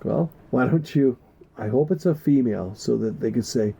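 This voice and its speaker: A man's voice: mid-range voice, normal speed, vocal fry, dark tone, husky. A man co-hosting a podcast in casual chat, joking and teasing and swearing freely. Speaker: podcast co-host.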